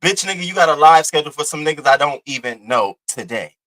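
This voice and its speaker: A man's voice: on the high side, animated, fast, bright, forceful tone, rough recording. A young man hosting a livestream, delivering brash, profane, taunting trash talk at a rival. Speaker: live-stream host. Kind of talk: heated livestream rant.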